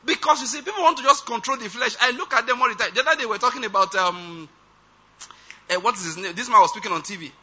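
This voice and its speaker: A man's voice: extremely high pitch, fast talker, bright, forceful tone. A man preaching a sermon, emphatic and often checking that his listeners follow. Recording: dull lo-fi recording.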